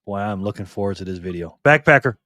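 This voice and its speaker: Lively teasing man hosting a live stream. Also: fairly low pitch, fast talker, faint music behind. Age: middle-aged. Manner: lively, teasing, laughs often, reacts to chat. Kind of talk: casual live stream chat.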